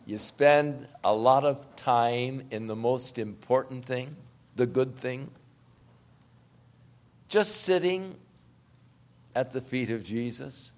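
A man preaching and leading a closing prayer in a church, his voice soft and measured in prayer and livelier when he exhorts. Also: high voice. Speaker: pastor.

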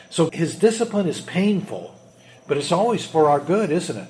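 A man's voice: fairly high pitch, expressive, brisk, a little mellow, slight background noise. A man preaching a sermon, earnest, often asking rhetorical questions of the congregation. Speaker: pastor.

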